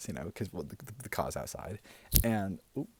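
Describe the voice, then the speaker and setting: A man's voice: deep voice, animated, moderate pace, slightly rough. A man playing a chatty middle-aged auntie in an ASMR role-play, rambling, giggling and repeating himself as he tells pointless stories close to the mic. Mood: rambling gossip. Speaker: aunt character in role-play.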